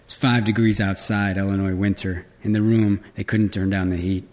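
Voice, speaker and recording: A man's voice: sits low, level tone, moderate pace, darkish tone. A man reading fiction aloud, with casual, filler-laden asides between passages.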